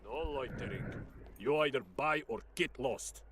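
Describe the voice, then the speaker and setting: A man's voice: mid-range voice, normal speed, fairly bright tone, close to an everyday voice. A man voicing a curt, dismissive male shopkeeper in a video game.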